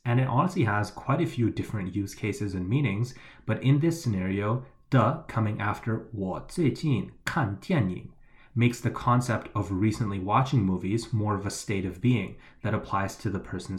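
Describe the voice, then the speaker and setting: A man co-hosting a Mandarin lesson, explaining phrases in a friendly, explanatory way. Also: fairly low pitch. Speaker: co-host teaching Mandarin.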